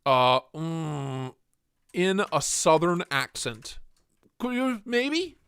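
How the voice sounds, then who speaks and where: A man's voice: on the high side, sing-song, very slow, fairly bright tone, clear, resonant tone, no echo, studio quality. A man hosting a casual livestream, joking and reading chat aloud in a playful way. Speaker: livestream host.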